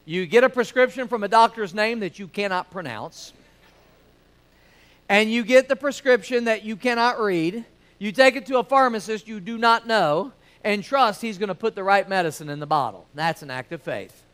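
A man in his forties preaching to his church in a high, smooth, clear voice. He talks in an easy, joking way and keeps asking the congregation for an amen. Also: animated, moderate pace, a bit bright. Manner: conversational, joking preacher with audience call-outs. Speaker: pastor. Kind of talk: sermon. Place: church sanctuary with balcony.

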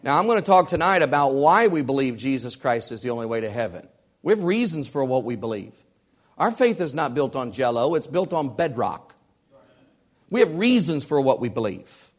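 A man's voice: mid-range voice, big pitch swings, normal speed. A man preaching a sermon as pastor, emphatic and repeating key lines for weight.

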